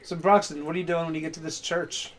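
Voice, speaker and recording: A man's voice: fairly high pitch, steady tone, quick pace, a crowd in the background. A man with a slightly raised voice runs a tabletop game for his players on a live stream. He stumbles, repeats himself and pokes fun at himself as he narrates. His pace is ordinary. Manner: stammering restarts, self-mocking jokes. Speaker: game master.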